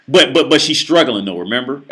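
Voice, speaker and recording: A man's voice: mid-range voice, lively intonation, fairly quick, pushed and bright, faint music behind. A man ranting through a reaction video commentary, profane and emphatic, often stammering and restarting his sentences.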